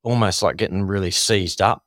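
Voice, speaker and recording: An Australian man, a former Thai boxer, telling a story in a casual, animated way full of "sort of" and "like". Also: low-pitched, moderate pace, no echo, clean studio sound.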